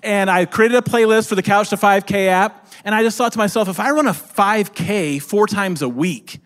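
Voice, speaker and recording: A man's voice: high-pitched, moderate pace, fairly bright tone, long reverb tail. A man telling his side of a shared story to an audience, with dry, teasing interjections. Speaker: co-speaker, husband. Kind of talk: storytelling talk to a live audience.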